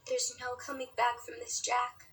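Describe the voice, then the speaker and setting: A woman's voice: on the high side, moderate pace, a little hiss or hum, lightly acted. Woman voicing a cold, hateful young woman. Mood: cold disdain. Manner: disdainful, flat and cold. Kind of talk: animated horror story voice acting.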